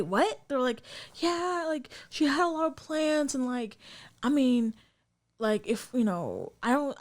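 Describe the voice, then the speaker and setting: A young adult woman co-hosting a podcast, telling stories in a loose, rambling way with lots of ums and likes. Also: on the high side. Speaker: podcast co-host. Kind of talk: casual chat.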